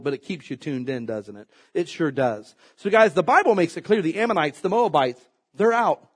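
A man preaching a sermon, his slightly husky voice ranging widely in pitch. He tells homey stories with jokes and acts out quoted voices along the way. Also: fairly quick, few pauses. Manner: folksy, joking, animated storytelling with acted quotes. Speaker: pastor.

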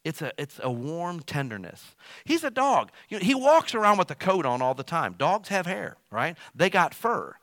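A middle-aged male pastor preaching a sermon in a folksy, conversational way, with big swings in pitch and volume. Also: big pitch swings, normal speed, a bit bright, dry recording, studio quality.

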